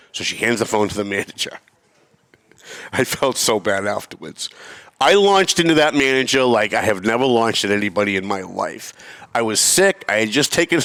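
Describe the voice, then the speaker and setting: A middle-aged man hosting a podcast, telling a story in an animated, swearing rant that climbs toward yelling. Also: medium pitch. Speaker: podcast host.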